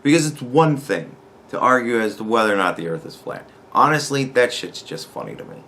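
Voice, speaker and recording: A man hosting his own podcast, launching into a long, exasperated rant full of swearing and biting sarcasm. His voice sits at an ordinary middle pitch, with a faint hiss of background noise under it. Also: animated, a little fast, bright, forceful tone. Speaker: podcast host. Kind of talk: ranting commentary.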